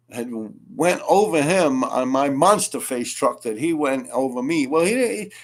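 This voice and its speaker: A man with a New York accent telling street stories in a casual, animated, profane way, laughing often. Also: medium pitch, moderate pace, few pauses. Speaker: graffiti writer telling stories. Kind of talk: casual storytelling.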